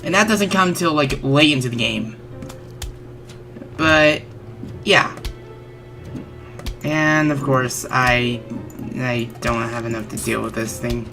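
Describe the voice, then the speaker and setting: A woman with a low voice and a bright, forceful edge talks through a game as she plays. She sounds stuffy and a little congested, rambling and correcting herself as she goes. Faint game music runs underneath. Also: slow, long pauses. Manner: rambling, often self-correcting. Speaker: gaming channel host. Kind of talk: let's-play game commentary.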